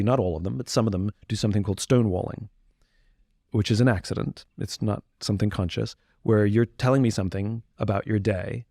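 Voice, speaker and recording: A man's voice: lowish voice, dark tone, dry recording. Candid reflective man, dry close mic. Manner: candid, self-reflective, acts out quoted voices. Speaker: podcast guest. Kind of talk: reflective conversational talk.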